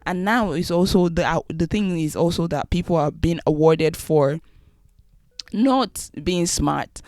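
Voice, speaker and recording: A woman's voice: on the low side, unhurried, a little mellow, no echo, clean studio sound. A Nigerian woman with a Nigerian accent, giving an emphatic opinion monologue and often repeating phrases.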